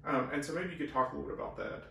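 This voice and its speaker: A man's voice: fairly high pitch, very fast, creaky, pushed and bright. A man co-hosting a conversational Bible teaching, speaking earnestly and emphatically with restarts, recorded on a camera mic from far off. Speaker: co-host of a Bible teaching talk. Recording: echoey room from far off with faint hiss.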